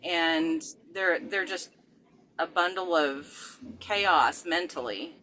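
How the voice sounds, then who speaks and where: A woman's voice: fairly low pitch, slow pace, sharp tone, slight background noise, low-quality recording. A middle-aged woman, a regression therapist, talking casually with many fillers and restarts. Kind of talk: casual conversation.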